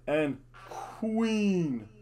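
A middle-aged man hosts a casual wrestling predictions vlog with a playful showman's flair, dropping announcer-style catchphrases. His voice sits a little high for a man, and he talks at an unhurried, slow pace. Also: sing-song, dark tone. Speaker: host.

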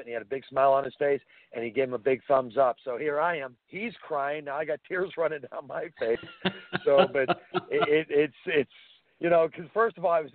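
A man's voice: medium pitch, dry recording. Male phone-in guest, eager storyteller, sound thin and dry like a phone call. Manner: enthusiastic storyteller, animated anecdotes. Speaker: guest, helmet pad inventor. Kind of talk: phone-in radio interview. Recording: dry tinny phone line.

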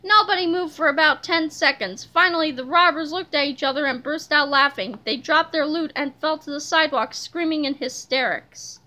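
A woman reads a children's chapter book aloud, telling the story in a lively way. Her voice is very high and bright, with a crisp, energetic edge. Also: normal speed, hardly any pauses. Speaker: reader.

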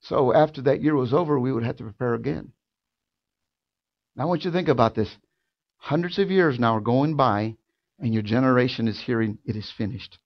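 A man preaching a sermon in a church, building from quiet, drawn-out lines to loud, fervent shouting. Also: medium pitch, lo-fi sound. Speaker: pastor. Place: church sanctuary.

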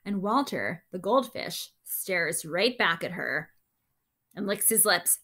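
A woman reads a picture book aloud to children in a bright, animated voice, breaking off for chatty asides to her young listeners. Her pitch is fairly high and she takes her time. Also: takes it slowly. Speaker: story time reader.

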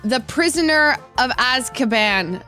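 A young woman playing a party game, eager and quick to answer. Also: high-pitched, expressive, pushed and bright, soft background music. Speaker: player. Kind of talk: casual group game chat.

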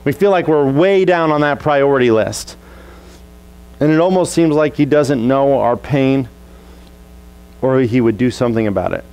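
A man preaching a sermon as a pastor, telling a childhood story and acting out the family scenes in lively voices. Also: mid-range voice, normal speed, long pauses, smooth, low-quality recording.

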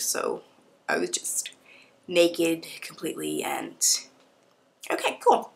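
A woman's voice: medium pitch, moderate pace, creaky. A young woman vlogging casually, telling a story in a slangy, playful way and acting out what others said. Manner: animated, acts out quotes of doctors and nurses.

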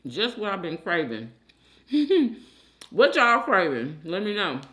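A woman hosting a mukbang, chatting casually and slowly between bites, humming as she eats. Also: on the low side, sing-song, fairly bright tone. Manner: slow, chatty, hums with food in mouth. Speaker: mukbang host. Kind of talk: casual mukbang chat while eating.

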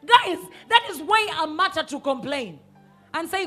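A woman pastor, preaching a sermon emphatically and sometimes rising to a shout. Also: very high voice, lively intonation, a little slow, soft background music. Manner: emphatic, rises to shouts and acts out quoted voices.

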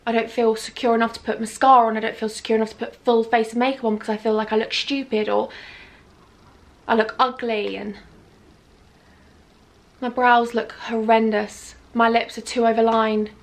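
A woman's voice: a little high, level tone, normal speed. A young woman from the UK talking anxiously and self-critically in a confessional vlog. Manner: anxious, self-critical, often quiet and whispery. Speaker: vlogger.

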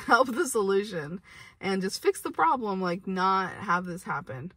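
A woman's voice: medium pitch, expressive, measured pace, fairly bright tone, breathy edge, dry recording. A young adult woman telling a story to camera, rambling with lots of "like" and restarts. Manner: rambling, heavy use of "like" and restarts. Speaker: vlogger. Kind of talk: casual storytelling. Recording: voice from a distance from the mic.

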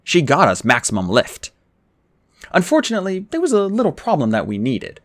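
A man reading an adventure novel aloud in the first person, with an expressive, dramatic delivery. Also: a little high, a little fast, no echo. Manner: expressive, dramatic reading with raised character lines. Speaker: audiobook reader.

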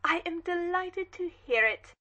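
A woman playing an imperious, sharp-tongued elderly aristocratic lady in an audio drama reading. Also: very high-pitched, animated, normal speed, dull audio, heavily acted. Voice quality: commanding, cross-examining.

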